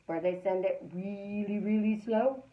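A woman hosting a live stream as a life coach, talking casually and repeating calm affirmations in a chatty, storytelling way. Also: medium pitch, unhurried, echoey room, phone-quality sound.

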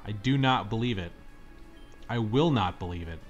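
A young man commenting on his gameplay, complaining dramatically and yelling at the game when things go wrong. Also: on the low side, animated, normal speed, dull audio. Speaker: let's-play gamer. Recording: faint game music behind.

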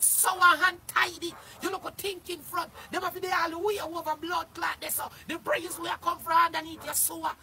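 A man with a Jamaican accent in an angry livestream rant, cursing loudly and often shouting. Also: very high-pitched, slight background noise. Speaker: social media personality.

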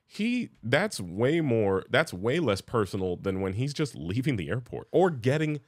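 A man co-hosting a casual podcast, talking in a reflective, measured way as he explains his views. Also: medium pitch, very animated, no echo, studio quality. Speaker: podcast co-host. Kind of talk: casual chat.

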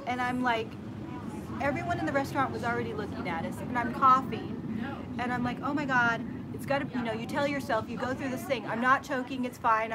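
A woman hosting a casual chat, telling a story in an animated way and acting out what people said. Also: fairly high pitch. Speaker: host. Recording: background noise from a nearby worker.

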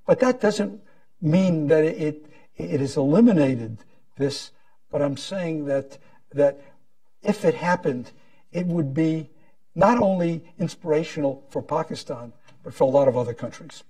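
A man speaking as a panelist in a discussion, talking in a slow, deliberate way. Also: fairly high pitch, mellow, far from the mic.

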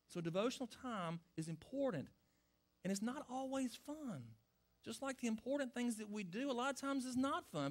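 A man's voice: high voice, a bit bright. A middle-aged male pastor giving a sermon that answers questions from listeners, talking earnestly and conversationally and asking the congregation direct questions.

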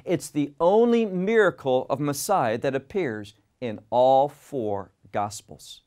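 A man teaching through a Bible passage verse by verse, deliberate and asking rhetorical questions. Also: medium pitch, warm tone.

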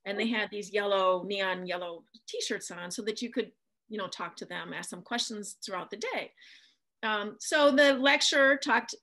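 A woman's voice: mid-range voice, pushed and bright. A middle-aged woman from the American Midwest, an author chatting in an interview and telling a long anecdote with lots of ums. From Midwestern United States. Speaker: author guest. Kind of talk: casual interview storytelling.

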